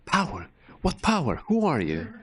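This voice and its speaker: A man's voice: medium pitch, wildly swooping pitch, moderate pace, slightly rough. A man voicing a tough young female cop in a put-on New York accent, hammy and tacking "eh?" onto lines. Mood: alarmed.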